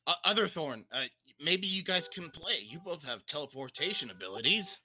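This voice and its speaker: A man's voice: on the high side, expressive, a little fast, sharp tone. A man playing a tabletop game, eager and stumbling over his words. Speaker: player. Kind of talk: casual tabletop play.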